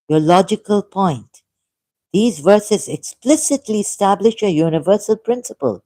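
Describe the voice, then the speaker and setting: A woman hosting her own channel, reading a text aloud slowly and commenting, with apologetic asides. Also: mid-range voice, lively intonation, warm tone, no room sound. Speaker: channel host. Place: dim room.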